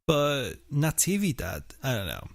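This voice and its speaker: Male podcast host, gravelly, dry close mic, chatty and filler-heavy. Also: mid-range voice, huge pitch swings, unhurried, no echo. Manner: chatty, laughing often, many fillers. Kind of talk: casual podcast chat and true-crime narration.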